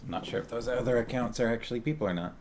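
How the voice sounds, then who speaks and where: A man's voice: medium pitch, rapid-fire, a little mellow, slight background noise. A man chatting casually on a live stream, greeting viewers one by one and talking playfully to his dog at home.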